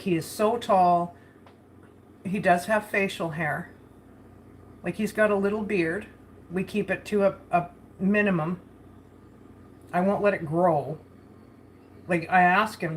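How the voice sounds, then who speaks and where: A woman's voice: medium pitch, measured pace, long pauses, a little hiss or hum. A woman chatting casually while cooking in her home kitchen for a vlog, rambling and laughing often. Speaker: vlogger.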